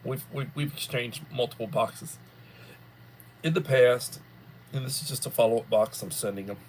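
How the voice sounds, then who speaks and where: A tired, yawning man hosting a casual livestream chat, rambling and unhurried, often repeating words. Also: medium pitch, a little hiss or hum. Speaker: livestream host.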